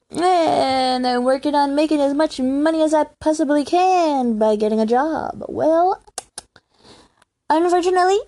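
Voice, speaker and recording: In a room at home, a young adult woman rambles casually on her own solo podcast, laughing often. Her youthful, girlish voice is high-pitched but dark in tone.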